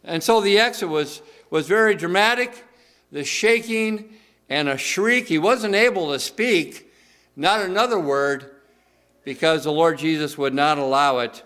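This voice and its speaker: A middle-aged man preaching a sermon in an earnest way, slowing down to stress key words and often restarting his sentences. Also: on the high side, a bit bright. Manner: earnest, slows down for emphasis, frequent restarts. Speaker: pastor.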